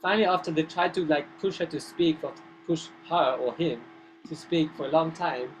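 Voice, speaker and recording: A male teacher talks through sacred stories in a lively, conversational way, often restarting his sentences. His voice sits a little high. A constant background hiss fills the recording. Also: normal speed, rough recording. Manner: animated, conversational, frequent restarts. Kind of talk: scripture class storytelling. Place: temple classroom.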